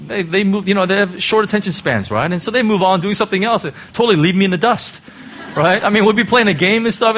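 A man's voice: a little high, a bit bright. A middle-aged man preaching a sermon in a conversational way, often checking in with "right?" and "you know". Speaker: pastor.

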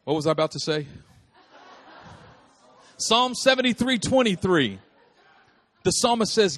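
A man preaching a lively, humorous sermon, repeating phrases for emphasis and calling out to his listeners. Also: high-pitched, unhurried, pauses often. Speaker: pastor.

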